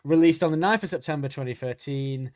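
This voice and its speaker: A man's voice: fairly high pitch, fast talker, a little mellow. Irish man, podcast host, rambling casual talk, laughs a lot. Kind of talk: casual chat.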